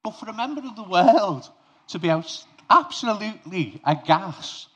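A man's voice: sits high, animated, a little slow, a bit bright, breathy edge. Man preaching a chatty, personal sermon. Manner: conversational, direct to congregation, with personal anecdotes. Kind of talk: informal sermon.

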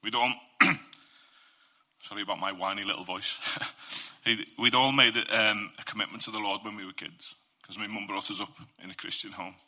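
A man sharing his Christian testimony in an informal faith talk. His voice sits a little low, but its tone is very bright and cutting. He talks earnestly and conversationally, often turning to the listeners to draw them in. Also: steady tone, normal speed.

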